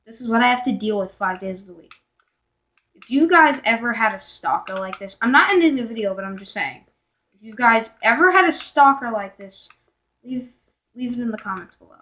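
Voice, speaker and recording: A woman's voice: fairly high pitch, lively intonation, fairly quick, bright, forceful tone. A young teenage girl telling a storytime vlog in a rambling way, full of fillers, self-corrections and whispered asides. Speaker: vlogger.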